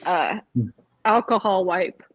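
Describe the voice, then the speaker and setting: Unhurried chatty woman on a livestream. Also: medium pitch, highs cut off. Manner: chatty, laughs easily. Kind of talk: casual late-night livestream chat.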